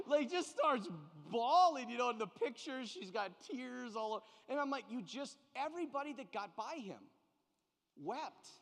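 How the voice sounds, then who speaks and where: Priest, male, animated Bible study teacher, conversational, reverberant church sound. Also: very high-pitched. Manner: lively and conversational, acts out little scenes. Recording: long hall reverb.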